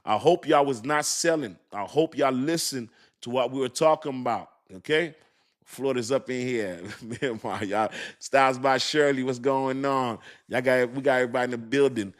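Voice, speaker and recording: A man's voice: medium pitch, moderate pace. A man hosting a crypto livestream, chatting loosely with his viewers, reading their comments, joking and laughing often, searching aloud for words.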